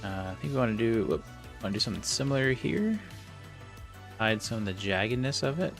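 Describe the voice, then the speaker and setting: Talking fast and animatedly in a fairly low voice, a man narrates casually as he plays and edits a game, reasoning aloud through every step. He's a game modder and video creator, with soft music in the background.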